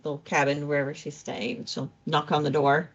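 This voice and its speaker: A woman's voice: sits low, flat delivery, normal speed. A woman narrating her actions in a tabletop role-playing game, casually thinking aloud. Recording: dull lo-fi recording with faint music.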